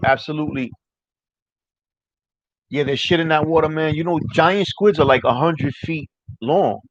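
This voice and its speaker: A man's voice: a little high, moderate pace, no room sound. A man hosting a casual livestream chat, rambling loosely and swearing often while answering viewers. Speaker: livestream host. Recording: dry, dull lo-fi mic.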